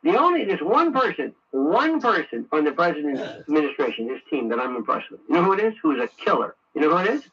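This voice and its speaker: A man's voice: on the high side, sing-song, fast, few pauses, fairly bright tone, husky. A man giving a sarcastic, ranting talk radio monologue. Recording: muffled radio broadcast, distant.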